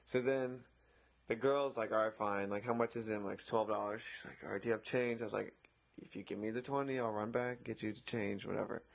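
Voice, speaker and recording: Gravelly and on the low side, his voice stays steady while he talks fairly quickly. He's a beach umbrella attendant swapping a casual story about a customer run-in, acting out each side with plenty of swearing.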